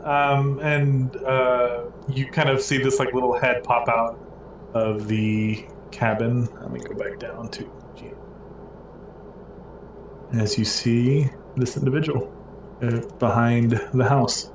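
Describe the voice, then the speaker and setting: A man's voice: mid-range voice, little pitch movement, takes it slowly, echoey room, recorded from a distance, highs cut off, noisy background. A man running a tabletop game as game master, narrating casually with lots of fillers. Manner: loose and rambling, many fillers.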